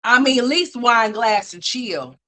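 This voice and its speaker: A woman hosting a livestream, giving profane, brash, scolding commentary full of slang. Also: unhurried. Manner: animated, swings between loud and low. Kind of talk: ranting commentary.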